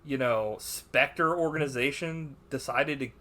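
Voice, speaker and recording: A man's voice: mid-range voice, measured pace, pushed and bright. A man co-hosting a podcast, reviewing a film in casual banter, swearing a lot and doing mocking impressions of the characters. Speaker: podcast co-host.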